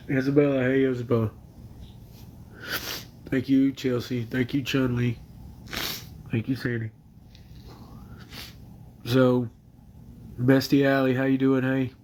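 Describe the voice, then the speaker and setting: A man crying while he talks on a phone livestream from his bedroom, halting, emotional and apologetic. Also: mid-range voice, little pitch movement, darkish tone, slight background noise. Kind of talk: casual livestream chat. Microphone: phone camera.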